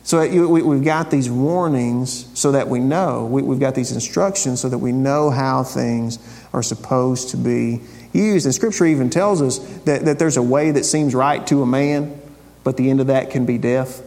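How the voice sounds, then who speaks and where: A man's voice: mid-range voice, normal speed, a little mellow, big-room sound. A man preaching a conversational sermon, repeating phrases and asking rhetorical questions of the congregation. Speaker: pastor.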